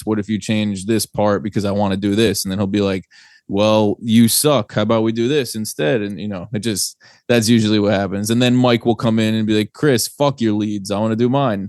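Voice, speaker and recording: Laid-back low-voiced man rambling. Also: a little mellow, no echo, studio quality. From New Jersey. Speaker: guest, band singer. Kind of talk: casual podcast chat.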